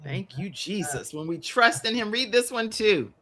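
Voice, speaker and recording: Woman, host, bright tone, animated, live-stream chat. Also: mid-range voice, normal speed. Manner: animated, cheering guests on.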